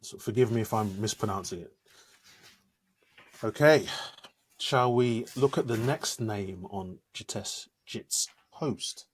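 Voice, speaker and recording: A man's voice: lowish voice, slow, breathy edge. A man co-hosting a podcast in casual chat, explaining things in a storytelling way. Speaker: podcast co-host.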